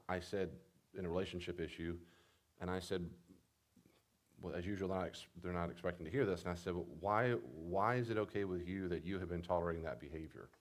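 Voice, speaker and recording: A male pastor giving a teaching talk, emphatic and repeating his key points. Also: low voice. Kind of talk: teaching talk on marriage counseling.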